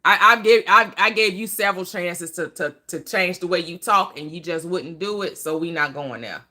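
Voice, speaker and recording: A woman's voice: lowish voice, normal speed, sharp tone. A woman hosting a casual live stream, blunt and laughing as she talks back to her chat.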